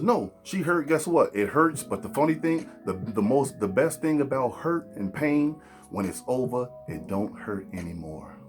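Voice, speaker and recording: A man holds forth as a podcast host, blunt and preachy, talking straight at his audience. His voice sits at a middle pitch. A little music plays faintly behind him. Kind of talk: opinionated podcast monologue.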